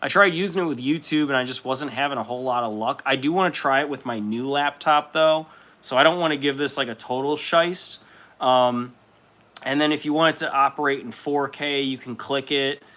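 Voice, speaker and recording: Medium in pitch and a little fast, this man's pushed, bright voice carries a casual chat with livestream viewers. The young host of the hobby stream stays laid-back, laughs often, and swears freely while reading comments.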